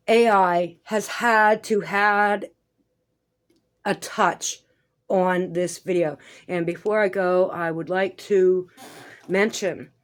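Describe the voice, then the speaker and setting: Lady vlogger rambling about hidden symbols in videos, kinda low voice. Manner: rambling, conspiratorial, swears casually. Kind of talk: casual commentary over a video.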